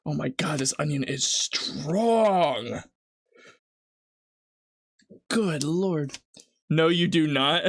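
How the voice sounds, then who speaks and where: Lively chatty streamer, dry close sound. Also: medium pitch, slow pace, no echo. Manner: rambling, chatty, self-mocking. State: teary-eyed from cutting onion. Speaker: live streamer. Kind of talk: casual live-stream chat while cooking. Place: home kitchen.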